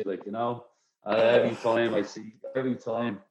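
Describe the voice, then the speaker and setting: A man's voice: mid-range voice, fairly even intonation, normal speed, a crowd in the background, low-quality recording. A man with an Irish accent, a former footballer chatting and telling stories as a podcast guest. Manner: chatty, laughing storyteller. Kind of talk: casual chat, anecdote.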